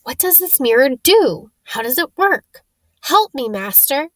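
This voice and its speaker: A woman reading a cold, scheming male wizard teacher in an audiobook, calm and dismissive in manner. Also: high voice, a little slow, a little hiss or hum, pitched above the performer's own voice.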